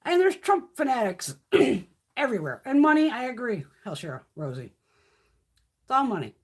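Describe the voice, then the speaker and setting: A woman's voice: on the high side, very animated, moderate pace, slightly rough. A woman hosting a casual live stream, ranting bluntly and profanely, reacting to chat comments as she goes. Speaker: beauty livestream host.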